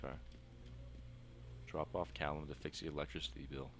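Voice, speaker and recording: Very deep-voiced wry gamer man. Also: flat delivery, brisk, background noise. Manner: wry, sarcastic asides while reading in-game notes aloud. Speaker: gameplay video host. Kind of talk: casual gameplay commentary.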